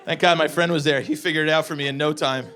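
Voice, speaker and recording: A man in his forties performing a stand-up comedy set, telling profane, animated stories with acted-out asides. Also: fairly high pitch, quick pace, crowd noise. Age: 40s. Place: comedy venue with a live audience. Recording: live show with loud audience laughter.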